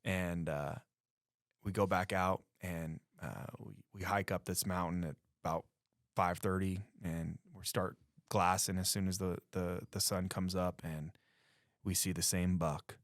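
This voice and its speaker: A man from Colorado, a guest on a talk show, telling a story in a casual, animated way and acting out what others said. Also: low-pitched, a little slow, dry recording, studio quality.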